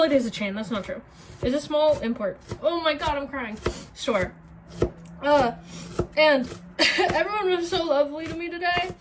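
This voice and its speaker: A woman vlogger chatting casually while she cooks in a kitchen, rambling, mocking herself and swearing freely. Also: sits high. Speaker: streamer and cooking vlogger. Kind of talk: casual cooking vlog chat. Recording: noisy kitchen with chopping sounds.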